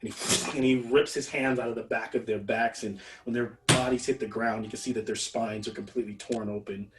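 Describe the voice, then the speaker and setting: A man narrating as game master in an unhurried, descriptive way with fillers. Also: fairly low pitch, fairly even intonation, far from the mic, a little hiss or hum, rough recording.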